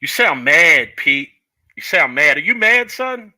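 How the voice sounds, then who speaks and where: A man's voice: fairly high pitch, big pitch swings, unhurried, pushed and bright, rough recording. A man hosting a casual comedic podcast, loose and playful, with lots of fillers as he interviews a guest. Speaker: podcast host.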